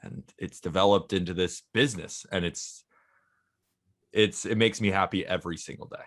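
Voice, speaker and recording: A man's voice: sits low, steady tone, moderate pace. A man in his twenties co-hosting a casual podcast, earnest and eager, talking in long runs. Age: 20s. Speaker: podcast co-host.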